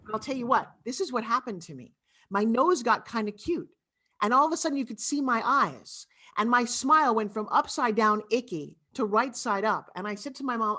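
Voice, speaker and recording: A woman from Long Island with a New York accent, telling her life story as an expressive, talkative guest on a video call interview. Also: on the high side. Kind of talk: animated storytelling.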